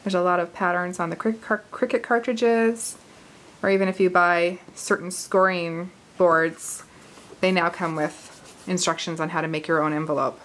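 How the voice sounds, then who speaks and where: A woman's voice: lowish voice, steady tone, moderate pace, fairly bright tone, a little hiss or hum, poor audio. Chatty woman showing a craft project. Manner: chatty, laughs easily, thinks aloud while working. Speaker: craft video host. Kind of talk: casual card-making tutorial.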